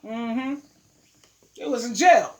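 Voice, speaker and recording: Woman vlogger, high voice, preachy and scolding, repeats herself for emphasis. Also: takes it slowly, a little mellow. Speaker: vlogger giving advice. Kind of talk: emphatic monologue.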